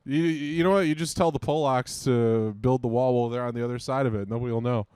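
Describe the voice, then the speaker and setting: A man co-hosting a comedy podcast, laid-back and joking with quick quips. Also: mid-range voice, darkish tone, clear, resonant tone, no room sound, clean studio sound. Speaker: podcast co-host. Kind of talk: casual comedic banter.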